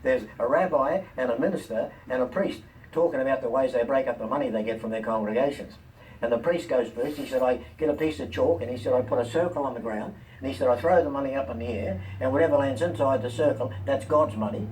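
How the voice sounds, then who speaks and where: An older man, a comedian and talk-show guest, telling lively anecdotes and voicing the people in them. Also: mid-range voice, quick pace. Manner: lively, quotes people in animated voices. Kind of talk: anecdotal storytelling. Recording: distant mic, faint room noise.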